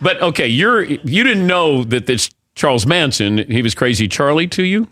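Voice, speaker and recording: A man hosting a talk show, interviewing a guest in a relaxed, conversational way and laughing easily. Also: fairly high pitch, moderate pace, no echo, clean studio sound.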